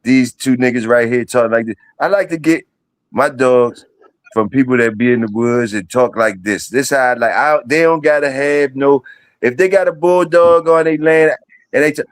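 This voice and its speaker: Hype host dude, kinda high voice, dry close sound, shouting out to the viewers. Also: male voice, no echo. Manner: hyped, calls out to the audience. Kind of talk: casual chat.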